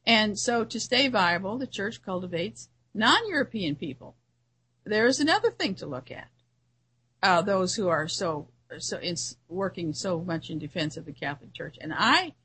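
A woman's voice: mid-range voice, a bit bright, slightly rough, low-quality recording. A woman who hosts a radio show, giving an earnest solo commentary in a musing way, often restarting her sentences.

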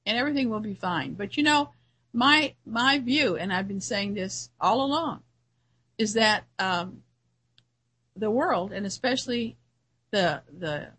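A woman hosting her own radio program delivers a long solo commentary. Her voice is husky and a little breathy, sitting at an ordinary pitch for a woman. She talks in an earnest, musing way, circling back and restarting phrases as she works through her points. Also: animated, a little slow, fairly bright tone, low-quality recording. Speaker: radio show host.

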